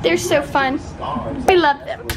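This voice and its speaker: Bubbly high-voiced young woman vlogging. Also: steady tone, unhurried. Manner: bubbly and gushing. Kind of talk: casual travel vlog. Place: busy public places like an airport and restaurants. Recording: loud music and crowd noise behind.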